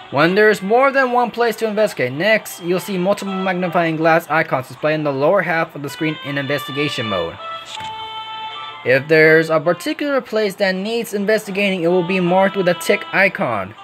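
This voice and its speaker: Let's-play host, man, animated and casual, game music behind. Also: high voice, moderate pace. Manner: joking asides, casual. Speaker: gaming channel host. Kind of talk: let's play commentary, reading game text.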